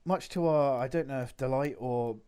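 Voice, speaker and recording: A man's voice: mid-range voice, moderate pace, mellow, clear, resonant tone. Young man swearing through a rambling story. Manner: rambling anecdotes, heavy swearing. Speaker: podcast co-host. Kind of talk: casual chat.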